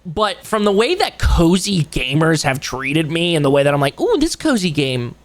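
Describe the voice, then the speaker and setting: Animated, profane young male streamer. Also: fairly high pitch, normal speed. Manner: rambling, profane, jokey, jumps into mocking voices. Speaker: streamer reacting to a video. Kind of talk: casual live-stream chat.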